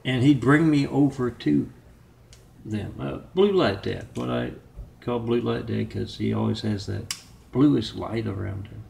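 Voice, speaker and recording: A man talking in a rambling monologue of his own, halting and meandering with many filler pauses. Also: medium pitch, vocal fry, darkish tone, slight background noise. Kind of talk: rambling self-made monologue.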